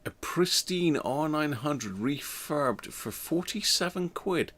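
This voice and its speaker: A man's voice: a little high, lively intonation, takes it slowly, a bit bright. A man hosting a radio repair channel, chatting casually with viewers while he works and thinking aloud with trailing fillers.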